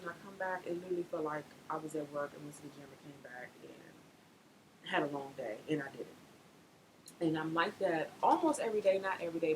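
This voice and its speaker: A woman's voice: a little hiss or hum, poor audio. A young woman chatting casually in a pregnancy vlog, laughing often. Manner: chatty, laughs often, animated pitch swings. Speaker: vlogger.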